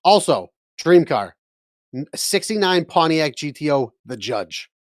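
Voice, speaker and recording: A man's voice: on the high side, very animated, unhurried. A man on a casual gaming podcast, talking enthusiastically and emphatically. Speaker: podcast co-host.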